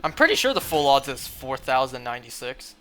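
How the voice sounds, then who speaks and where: Bright-voiced rambling male streamer. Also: mid-range voice, big pitch swings, brisk. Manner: rambling, filler-heavy talk with many "like"s. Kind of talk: casual livestream chat while shiny hunting.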